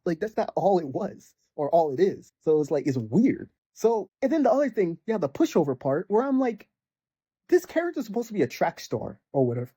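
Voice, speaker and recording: A man's voice: on the high side, expressive, brisk, dark tone, husky, no echo. A young man ranting casually about a video game, rambling with lots of fillers and mocking the characters in exasperated bursts. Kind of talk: casual rant.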